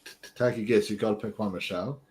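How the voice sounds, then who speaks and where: A man's voice: lowish voice, steady tone, very fast, darkish tone. A man hosting a podcast, chatting casually and laughing often. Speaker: podcast host. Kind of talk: casual chat.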